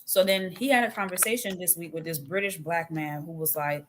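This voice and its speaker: A woman's voice: fairly low pitch, a little fast, hardly any pauses, a bit bright, slight background noise. A woman co-hosting a casual talk show, retelling an online argument and acting out the quotes, laughing often. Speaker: podcast co-host. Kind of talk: casual chat.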